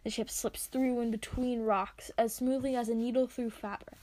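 A woman reading her own story aloud, expressive as she narrates. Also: fairly high pitch, normal speed. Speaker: reader.

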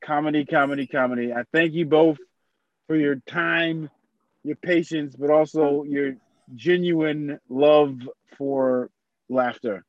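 A man's voice: fairly high pitch, steady tone, slow pace, dry recording, lo-fi sound. A man hosting a podcast, playfully teasing and pushing his guests in casual chat. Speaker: podcast host.

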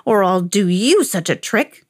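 A woman voicing a grumpy eight-hundred-year-old magical old man in a storybook, croaking and drawn out. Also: mid-range voice, expressive, a little slow, dry recording, clean studio sound. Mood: hollering.

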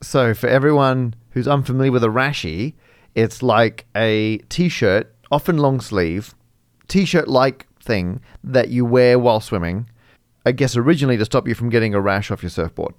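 A man's voice: mid-range voice, moderate pace, no echo, clean studio sound. A man co-hosting a podcast, chatting casually and laughing through his stories. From Australia. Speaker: podcast co-host. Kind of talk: casual chat.

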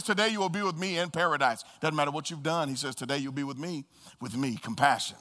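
A man preaching a sermon as pastor, swinging between soft low murmurs and high loud calls and repeating key phrases for emphasis. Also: quick pace, in a large hall. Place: church sanctuary.

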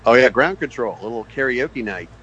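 Voice actor dude, dry jokes, pretty lively, sound a bit muffled. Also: male voice, medium pitch, fairly quick, husky. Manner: dry, joking, laid-back. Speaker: voice actor guest. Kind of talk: casual chat. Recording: slightly dull lo-fi sound.

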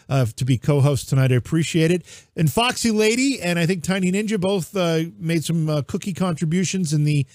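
A man's voice: fairly high pitch, a little mellow, no echo, studio quality. A man hosting a podcast, chatting in an easygoing, casual way. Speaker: podcast host.

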